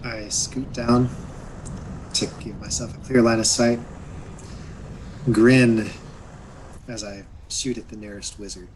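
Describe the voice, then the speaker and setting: A man's voice: on the low side, fairly even intonation, normal speed, a crowd in the background, poor audio. A man playing a tabletop game, narrating his character's actions with vivid description. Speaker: player.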